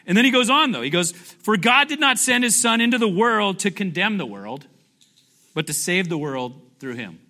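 Male pastor, high and bright voice, chatty sermon full of questions to the room. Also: very animated, moderate pace. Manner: conversational, asks the congregation questions; jokey, playfully acts out scripture.

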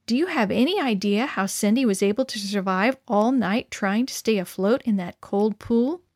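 A woman's voice: medium pitch, expressive, normal speed, no echo, clean studio sound, natural voice. A woman reading a children's story, voicing a young boy who asks his dad a question plainly and curiously.

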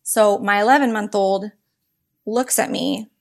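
A woman's voice: medium pitch, measured pace, vocal fry. Chatty woman telling parenting stories. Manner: lively storyteller, chatty, says "like" often. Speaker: guest author on baby sign language. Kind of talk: casual interview chat.

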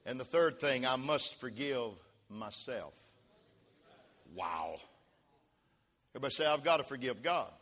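A man preaching a sermon as pastor, leading the congregation in call-and-response and rising to shouts. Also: mid-range voice, lively intonation, measured pace, long pauses. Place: church sanctuary. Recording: long reverb of a church hall.

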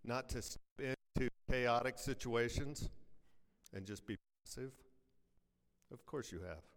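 A pastor preaching a sermon to his congregation, firing off rhetorical questions and quick jokes, then dropping to a hush for weighty lines. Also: medium pitch. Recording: long reverb, from a large church hall.

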